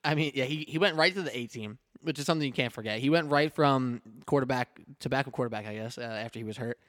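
A young man co-hosting a sports podcast, relaxed and teasing, with an average-pitched voice. He is recorded dry and close on a studio mic with no room sound at all. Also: fast talker, no echo. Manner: easygoing, teasing questioner. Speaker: podcast co-host. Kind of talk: casual sports podcast chat. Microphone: studio podcast microphone.

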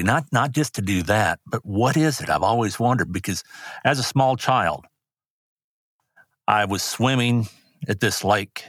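Older male guest, rodeo announcer type, low-pitched, dry close sound, earnest storyteller. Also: sharp tone, breathy edge, dry recording. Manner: earnest, rambling anecdotes with restarts. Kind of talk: personal storytelling interview.

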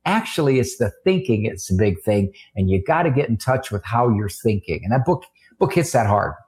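A man's voice: on the low side, big pitch swings, brisk, a little mellow. A man who is a psychologist, speaking as a guest, punchy and joking, with strong emphasis. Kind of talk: conversational interview.

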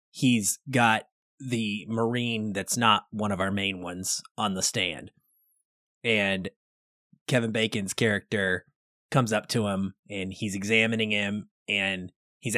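A man co-hosting a casual film podcast, talking in an animated way and acting out quoted lines. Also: fairly low pitch, a little slow, no echo, studio quality. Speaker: podcast co-host.

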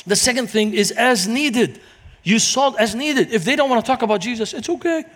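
A middle-aged man from Lebanon, preaching in a lively storytelling manner as a guest speaker. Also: extremely high pitch, moderate pace. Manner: animated, acts out quoted voices in anecdotes. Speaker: guest speaker, Christian minister. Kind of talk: storytelling sermon.

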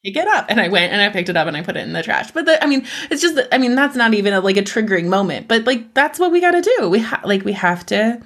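A woman's voice: mid-range voice, big pitch swings, fast, hardly any pauses, a bit bright. A woman parenting expert talking as a podcast guest in a casual, earnest way, often laughing between points. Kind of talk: casual conversation.

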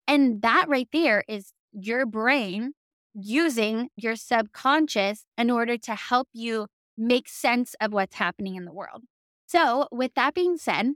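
Here a young woman from the American South coaches on business in a casual, cheerful chat to camera, leaning on "like" often. Her voice is a little high and a bit bright, captured in studio quality with no room sound.

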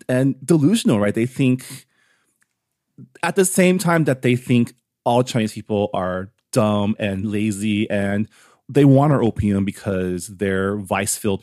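Low-voiced man analysing a book, dry sound. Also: darkish tone, no room sound. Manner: analytical, often ends points with "right?". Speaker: book discussion co-host. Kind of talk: casual chat.

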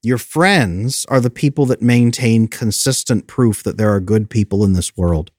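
A man's voice: fairly low pitch, normal speed, dry recording. Earnest man coaching in a dry, close sound. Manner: coaching, earnest, brief exaggerated voices for quoted thoughts. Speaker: attachment specialist, guest. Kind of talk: earnest explanatory advice.

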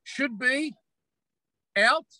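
Australian man, podcast guest. High, bright voice, forceful, repeats lines for emphasis, dry close recording. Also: drawn-out words, dry recording. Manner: emphatic, repeats phrases for effect. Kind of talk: podcast interview.

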